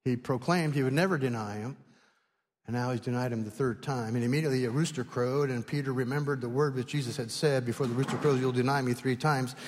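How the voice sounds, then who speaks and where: A man preaching a sermon, retelling a story with lively, animated delivery and acted-out voices. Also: medium pitch, fast talker, in a large hall. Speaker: pastor.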